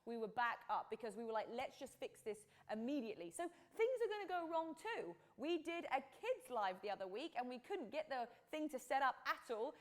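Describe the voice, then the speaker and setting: A woman from England in her thirties, with an accent mixing English, Australian and American, chatting bubbly and animated on a live stream from a lapel mic. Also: sits high. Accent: English mixed with Australian and American. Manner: bubbly, exclaiming, acts out quotes. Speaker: fitness podcast host. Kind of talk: casual live-stream chat.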